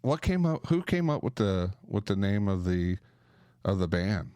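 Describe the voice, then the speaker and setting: A man's voice: on the low side, big pitch swings, measured pace, mellow, smooth, no room sound, studio quality. A man hosting a podcast, chatting with guests in a playful, joking way. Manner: jokey, playful. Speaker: podcast host. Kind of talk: lively casual chat.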